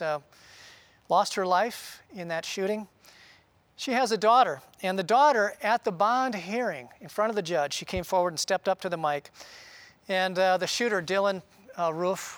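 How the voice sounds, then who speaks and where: A man preaching a sermon in an earnest, conversational way, often pausing with "uh". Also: high-pitched, a bit bright, no room sound. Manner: earnest, conversational, with frequent "uh" pauses. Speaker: pastor.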